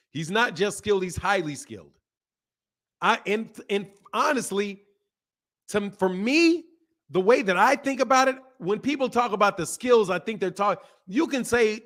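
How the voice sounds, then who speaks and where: Male boxing-channel host, high-pitched, animated and slangy, loops back over his own phrases. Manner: animated, repeats himself, laughs, slangy. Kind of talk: casual boxing talk.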